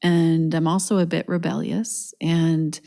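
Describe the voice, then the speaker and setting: Warm, mellow-voiced woman podcast host. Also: deep voice, level tone, a little slow, vocal fry. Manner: earnest, upbeat, laughs between thoughts. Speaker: podcast host and yoga teacher. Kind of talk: casual solo podcast talk.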